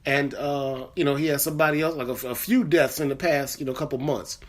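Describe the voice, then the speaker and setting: A man's voice: a little high, steady tone, a little fast. A man hosting his own comedy podcast, telling a story in a rambling casual way with lots of fillers and repeated words. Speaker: podcast host. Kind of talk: casual chat.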